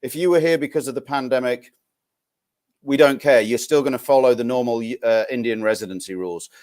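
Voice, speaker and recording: A man's voice: medium pitch, brisk, darkish tone. A man from northern England with a Northern English accent, a guest expert chatting casually and explaining tax rules with frequent restarts. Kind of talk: casual live-stream chat.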